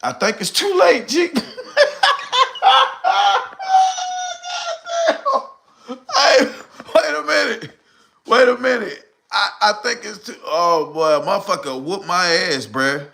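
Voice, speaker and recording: A middle-aged man chats loosely through his live stream, slangy and rambling as he answers comments. He sounds short of breath, with a bright, forceful voice sitting a bit high. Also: lively intonation, moderate pace, gravelly. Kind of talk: casual live stream chat reading comments.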